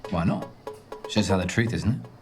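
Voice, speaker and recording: A man doing a smug guarded young date, dry comebacks, deadpan. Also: low-pitched, moderate pace, over music, lightly acted. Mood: flippant.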